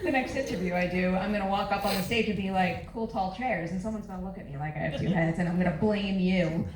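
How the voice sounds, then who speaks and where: A woman interviewer puts questions to a guest on stage, friendly and lightly teasing. Her voice comes from a distance in a roomy theater. A loud audience fills the space around her. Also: mid-range voice, fast talker, a loud crowd. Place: large theater before a live audience.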